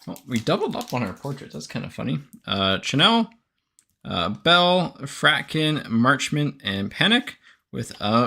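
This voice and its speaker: A man with a medium-pitched voice and vocal fry keeps a measured pace as he hosts a card break. Reading player names and teams in a steady list, he corrects himself casually and uses a lot of "uh" fillers.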